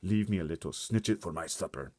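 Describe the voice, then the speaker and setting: A man's voice: low voice, brisk, darkish tone, no echo. A man doing the BFG, a kindly giant. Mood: coaxing. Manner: speaks in mangled grammar and made-up words. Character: big friendly old male giant, gentle and clumsy-spoken.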